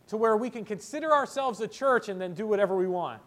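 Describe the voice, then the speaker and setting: A man with a fairly high voice preaches a sermon as pastor. He leans on words and repeats them for emphasis, swinging between loud exhortation and quieter asides. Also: animated, quick pace.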